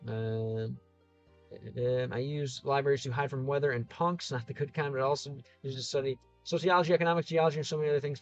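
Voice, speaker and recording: This man, a streamer from Ohio, reads out comments from viewers and responds in a chatty way, full of fillers and false starts as he thinks aloud. He has a medium-pitched voice, captured in dull audio.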